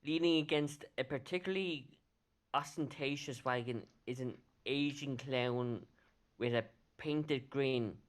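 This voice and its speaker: A man narrating a tabletop game as game master, unhurried and full of fillers. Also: mid-range voice.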